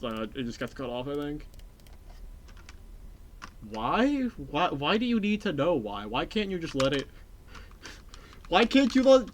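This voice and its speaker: This is a game streamer talking to chat during a live stream. The voice swings widely in pitch and sounds excitable. The talk rambles, with phrases repeated and casual swearing. Faint keyboard typing clicks away in the background. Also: a little hiss or hum.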